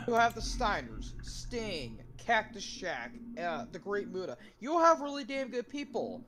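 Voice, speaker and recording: A woman co-hosting a podcast, talking in a blunt, sweary, animated way. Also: medium pitch, a little slow. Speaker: podcast co-host. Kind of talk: casual chat.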